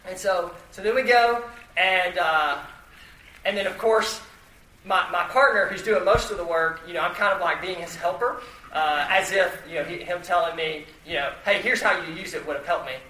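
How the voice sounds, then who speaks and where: A man's voice: high-pitched, normal speed, sharp tone. A man telling a self-deprecating personal story to an audience in a chatty way, full of fillers and restarts. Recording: echoey room, mic at a distance, faint noise.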